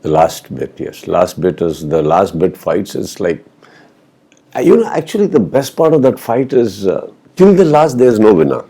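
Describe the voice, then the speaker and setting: A man with a very deep, gravelly voice and a dark, mellow tone, answering an interviewer's questions. He tells stories from a film set and acts out the lines people said, dropping in Hindi phrases as he goes. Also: sing-song, moderate pace. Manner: storytelling, acting out quoted exchanges, mixing in Hindi phrases. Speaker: actor being interviewed.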